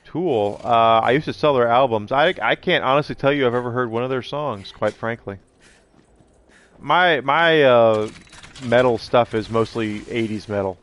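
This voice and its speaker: A man's voice: medium pitch, normal speed, a bit bright, no room sound. A middle-aged man streaming live, rambling casually and answering his viewers' chat messages.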